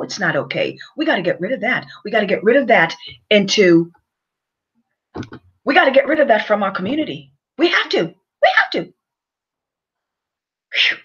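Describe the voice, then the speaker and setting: Woman vlogger, high husky voice, wildly swinging delivery, theatrical and repetitive; dull lo-fi recording. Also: fairly bright tone. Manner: emphatic and theatrical, repeats phrases, rhetorical questions. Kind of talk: ranting monologue to camera.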